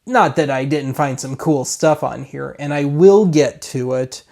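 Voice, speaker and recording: Brief: male host, casual demo, self-deprecating, close dynamic mic, mid pitch. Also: a little slow, creaky, a little mellow. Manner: rambling, explanatory, self-deprecating. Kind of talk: casual gear demo talk. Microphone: dynamic mic on a stand.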